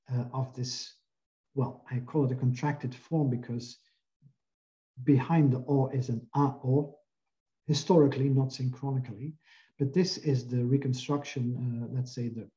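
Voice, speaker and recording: A man from Belgium giving an academic lecture, explaining carefully with frequent pauses over a video call. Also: mid-range voice, dark tone, highs cut off.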